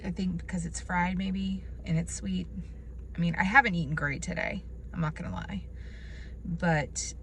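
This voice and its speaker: A woman's voice: fairly low pitch, vocal fry, slight background noise. A woman in her thirties talking casually into her phone for her vlog, chatty and rambling. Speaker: vlogger. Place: in her car, then at home. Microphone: phone held at arm's length.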